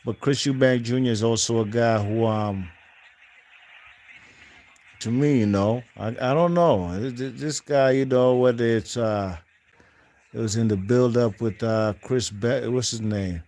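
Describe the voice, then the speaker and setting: A man's voice: medium pitch, unhurried, darkish tone. A man hosting a boxing channel, giving casual post-fight commentary in a rambling, slangy way with lots of fillers and restarts. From not from the UK.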